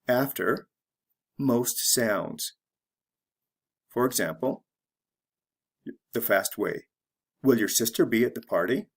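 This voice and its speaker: Man, american accent, English pronunciation teacher, very slow deliberate delivery, gravelly husky voice. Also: on the low side, expressive. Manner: slow, deliberate drilling of example phrases. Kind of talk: slow scripted lesson narration.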